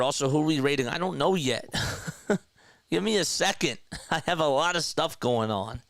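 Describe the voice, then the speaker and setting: A man's voice: on the high side, moderate pace, creaky, fairly bright tone, soft background music. Casual young man calling baseball live. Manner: chatty, talks to viewers between calls. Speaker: fan play-by-play streamer. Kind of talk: casual live play-by-play commentary.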